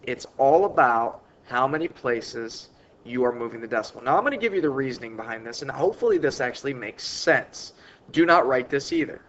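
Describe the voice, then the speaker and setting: A man's voice: medium pitch, animated, fairly quick, fairly bright tone, highs cut off. A male math teacher explaining long division in an informal way, repeating key points for emphasis. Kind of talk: recorded math lesson.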